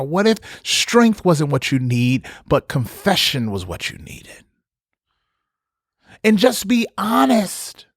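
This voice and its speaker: A man's voice: high voice, no echo. Emphatic preaching man, dry close sound. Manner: emphatic, repetitive, preacherly with conversational asides. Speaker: pastor. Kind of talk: podcast sermon.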